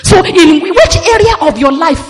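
A woman preaching a sermon, animated and sing-song, slowing down to stress scripture. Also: very high-pitched. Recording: reverberant hall with faint music.

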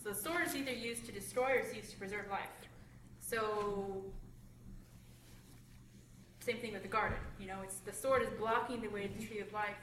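A woman talks through a scripture passage at a group study, eager and explanatory, now and then catching and correcting herself. She sits some way from the mic in a roomy, echoing space. A steady hiss of noise runs underneath her voice. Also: medium pitch, moderate pace, long pauses, recorded from a distance. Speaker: Bible study participant. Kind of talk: group discussion.

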